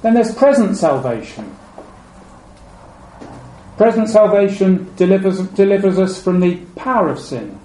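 A man preaching a sermon. He is measured and repeats key phrases, and his voice drops low and soft at the ends of phrases. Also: sing-song. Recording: echoey room with faint ambient noise.

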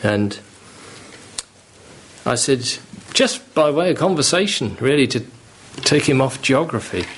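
Male preacher, unhurried, earnest, faint ambience. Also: medium pitch, lively intonation, fairly bright tone, slight background noise. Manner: earnest, pleading, rising with fervour. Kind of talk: sermon.

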